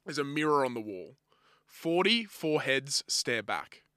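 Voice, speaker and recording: A man's voice: mid-range voice, very animated, pushed and bright, no room sound, clean studio sound. A young man with a slight lisp, co-hosting a podcast in casual, sweary banter and getting easily exasperated. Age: young adult. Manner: swears a lot, quick to get exasperated. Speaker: podcast co-host. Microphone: close studio mic.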